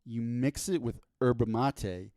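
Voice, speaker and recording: A man's voice: medium pitch, unhurried, mellow, no echo, studio quality. A man co-hosting a podcast in casual comedic chat, rambling and joking with many restarts. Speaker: podcast co-host.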